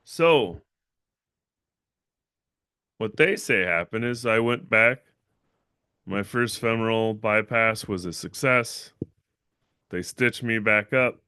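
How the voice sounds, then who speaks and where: A young man, the channel owner, hosts his own livestream and rambles through a long personal story, repeating himself and tagging lines with "right?". His fairly low voice is animated, bright, and forceful yet smooth, moving at a slow pace with long pauses. The recording is clean studio sound with no room ambience.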